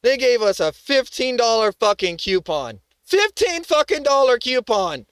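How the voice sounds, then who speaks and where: A man's voice: very high voice, very animated, unhurried, a bit bright, clean tone, dry recording. A man hosting a live stream, ranting furiously with heavy swearing about a bad delivery. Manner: furious, profane, emphatic. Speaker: streamer host. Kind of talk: angry ranting commentary.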